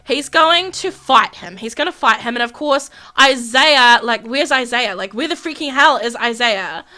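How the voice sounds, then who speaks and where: A woman's voice: fairly high pitch, animated, moderate pace, pushed and bright. A young woman hosting a gaming video, narrating a life-sim game with dramatic gasps and a lot of repetition. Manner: dramatic, gasping, repeats herself, acts out characters' quarrels. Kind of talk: excited let's-play commentary.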